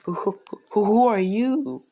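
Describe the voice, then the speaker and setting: A worried, tearful mother, put on by a man telling a homemade fan story, speaking in a high, quavering falsetto that stammers and catches. Her words come slowly and stretched. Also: creaky, dark tone, slight background noise, poor audio. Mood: startled. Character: anxious tearful middle-aged mother.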